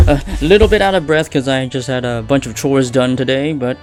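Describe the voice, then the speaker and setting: A man chatting casually while streaming a game, relaxed and quick to laugh. His voice sits in an ordinary middle range. Soft game music plays beneath. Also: mid-range voice. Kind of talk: casual live-stream commentary.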